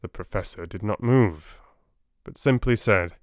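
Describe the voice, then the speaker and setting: Male audiobook narrator, slow and steady, lowish voice, dry close mic. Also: no echo. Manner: steady, measured storytelling. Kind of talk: first-person audiobook narration.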